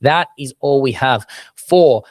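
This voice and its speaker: A man co-hosting a casual sports podcast, animated and swearing for emphasis. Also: medium pitch, takes it slowly, no echo. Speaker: podcast co-host.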